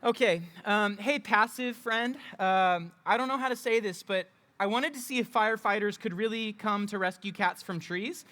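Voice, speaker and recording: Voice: medium pitch, moderate pace, hardly any pauses, sharp tone. A youth pastor giving an interactive youth group talk, playful and upbeat as they coach volunteers.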